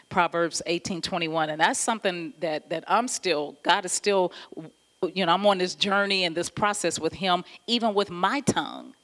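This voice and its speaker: A woman pastor giving an animated, conversational sermon, often laughing as she talks. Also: lowish voice.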